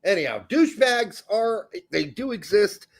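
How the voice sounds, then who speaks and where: Man, podcast host, high voice, animated, swears a lot, casual storytelling. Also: moderate pace.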